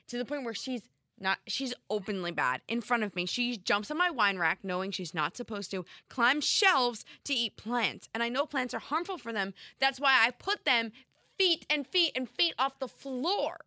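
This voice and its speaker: Bright-voiced playful woman co-host. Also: on the high side, animated, no echo, clean studio sound. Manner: playful, teasing, quick to joke. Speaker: podcast co-host. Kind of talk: casual chat.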